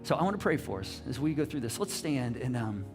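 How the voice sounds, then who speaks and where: A middle-aged man preaching a sermon as pastor, animated, swinging from loud emphasis to soft hushed lines and asking the congregation questions. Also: medium pitch, brisk, creaky, music in the background. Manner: repeats words on restarts, asks the congregation questions.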